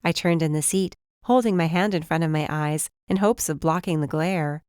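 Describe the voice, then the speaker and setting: A woman reading a first-person mystery audiobook in a measured, even storytelling manner. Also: deep voice, clean tone, no echo, studio quality. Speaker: audiobook narrator.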